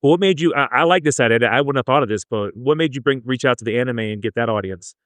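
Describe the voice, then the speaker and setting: A man from El Paso hosting a casual podcast chat, relaxed and loose with his fillers, on a close mic. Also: mid-range voice, fast talker, no room sound. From El Paso, Texas. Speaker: podcast host.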